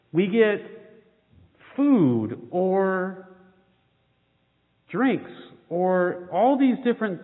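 A man giving a children's sermon, reading a picture book aloud before turning to the day's scripture. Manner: animated read-aloud. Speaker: pastor. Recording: phone-like boomy hall sound.

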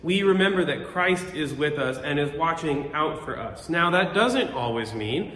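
A pastor delivers an earnest, reflective sermon captured on a phone, his voice a little high for a man, expressive and a bit bright. He speaks in measured phrases, and the echoey room leaves a long reverb trailing each line.

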